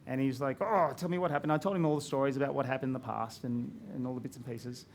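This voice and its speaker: A man's voice: medium pitch, steady tone, fast, slight background noise. A man, a filmmaker telling stories about his film in a casual chat at a screening. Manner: chatty storytelling with laughs.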